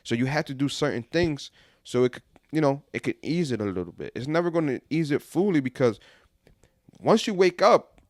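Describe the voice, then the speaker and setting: A man's voice: a little high, expressive, fairly quick, dry recording, clean studio sound. A young man co-hosting a podcast in casual chat, rambling and repeating himself. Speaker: podcast co-host.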